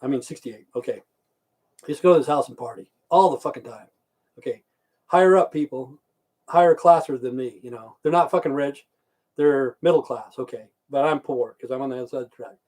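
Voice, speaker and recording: A man's voice: medium pitch, a little fast, a little mellow. A middle-aged man telling a rambling, crude story on a livestream, swearing constantly and repeating himself. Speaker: livestream host.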